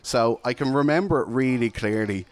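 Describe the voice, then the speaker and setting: A man speaking in a candid, earnest, reflective way as he shares his own life story. His voice sits at an ordinary middle pitch for a man, and the talk runs like a plain personal testimony. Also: normal speed.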